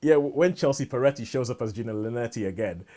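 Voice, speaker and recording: A man's voice: mid-range voice, lively intonation, quick pace, dark tone. A man co-hosting a casual podcast chat, rambling and enthusiastic, often restarting his sentences. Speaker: podcast co-host.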